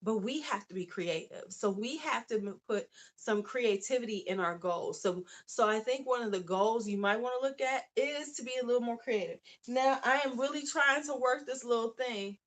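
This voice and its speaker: A woman's voice: fairly high pitch, moderate pace, few pauses. Beauty-channel host, woman with a lilt, chatty and off the cuff, answering her chat as she goes. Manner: chatty, reads chat aloud, asides to viewers. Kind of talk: casual live-stream chat.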